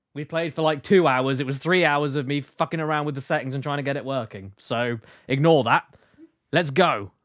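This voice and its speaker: A man's voice: mid-range voice, fairly bright tone, no room sound, clean studio sound. A man streaming a video game live, chatting loosely and rambling as he reads his chat aloud. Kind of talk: casual live-stream commentary.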